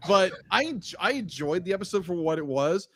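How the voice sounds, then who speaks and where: Giggly male podcast co-host, slightly high voice. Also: animated, a bit bright. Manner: laughs easily, halting restarts. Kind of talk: casual chat.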